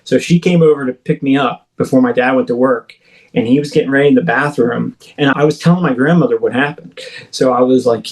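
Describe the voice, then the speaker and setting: A man's voice: medium pitch, a little fast, low-quality recording. A man in his thirties, an interview guest, telling a personal story vividly, with frequent halts and restarts. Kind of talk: recounting a personal experience in an interview.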